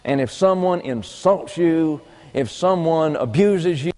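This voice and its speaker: Male pastor, higher-pitched voice, emphatic repetitive sermon delivery, long church-hall reverb. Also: slow pace, mellow. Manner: emphatic, repetitive teaching with folksy trail imagery. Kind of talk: doctrinal sermon.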